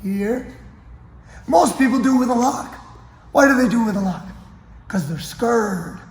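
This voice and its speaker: In an echoey training gym with long reverb, a man coaches grappling on the mats, demonstrating a technique and checking in with his partner frequently. His pitch is extremely high and his pace moderate, with a little hiss or hum on the recording.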